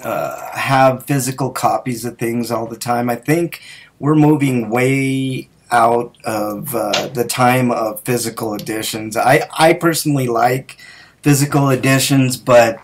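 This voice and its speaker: Slow, husky-voiced male podcast host. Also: mid-range voice. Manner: hesitant, many ums and restarts. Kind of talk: casual chat.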